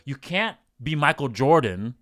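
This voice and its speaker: A man's voice: mid-range voice, big pitch swings, measured pace, a bit bright. A man co-hosting a podcast with his wife, talking in an emphatic, lecturing way with many fillers and restarts. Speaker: podcast co-host. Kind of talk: casual podcast chat.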